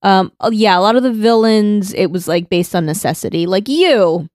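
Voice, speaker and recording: A woman's voice: medium pitch, normal speed, few pauses, a little mellow, no echo, clean studio sound. A woman co-hosting a casual chat about an anime, talking with many fillers and restarts and laughing often. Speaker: podcast co-host.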